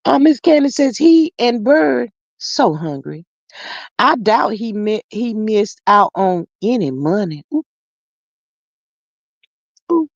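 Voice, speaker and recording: A chatty stream host with a bouncy, lively voice and humming, slangy asides, heard close and dry through a dull lo-fi mic. The delivery is playful and loose as they read viewer comments aloud. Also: medium pitch, slow pace, gravelly, pauses often, no echo. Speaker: livestream host reading viewer chat. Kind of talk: casual commentary.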